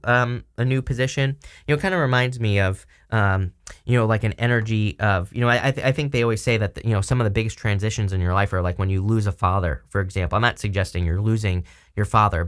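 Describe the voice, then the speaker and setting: A man's voice: lowish voice, a bit bright. Chatty man reading tarot cards. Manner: rambling, filler-heavy, chatty. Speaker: tarot reader.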